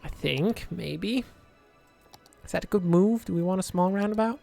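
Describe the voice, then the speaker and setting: A young man casually commentates his gameplay at a home desk microphone, rambling, joking and muttering to himself, with soft music in the background. His high voice carries vocal fry and is a little mellow at a normal speed. There's no echo.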